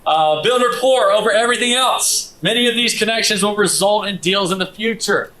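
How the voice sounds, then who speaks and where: A man teaching a live workshop, coaching the room in a brisk, direct way. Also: sits high, pushed and bright, poor audio. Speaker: instructor.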